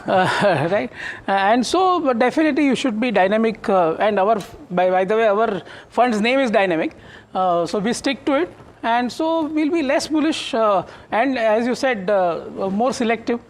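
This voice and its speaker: A man's voice: sits high, expressive, normal speed. An Indian-accented man, a fund manager in a studio TV interview, talking with many fillers and restarts. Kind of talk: live market TV interview.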